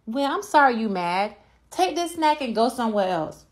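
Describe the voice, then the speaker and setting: A woman's voice: a little high, sing-song, normal speed. A woman voicing a patient, tired mother in a comedy skit. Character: patient tired mom of bickering kids.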